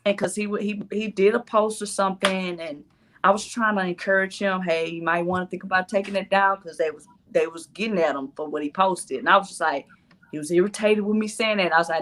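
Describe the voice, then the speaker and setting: A woman's voice: medium pitch, fairly even intonation, a little fast, a bit bright, a little hiss or hum. A woman, a former dating show cast member, telling her story in casual chat and acting out her own quoted lines.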